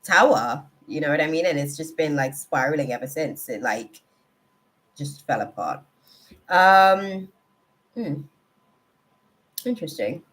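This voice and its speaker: A woman with a slightly low voice gives a tarot reading on a live stream. She chats casually with her viewers and laughs often. Her delivery stays lively and animated. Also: measured pace, long pauses.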